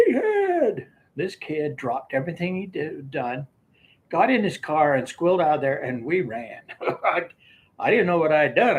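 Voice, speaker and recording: A man's voice: a little high, fairly bright tone. Older man telling rambling stories. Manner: rambling, laughs often while telling. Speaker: storyteller. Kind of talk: casual storytelling.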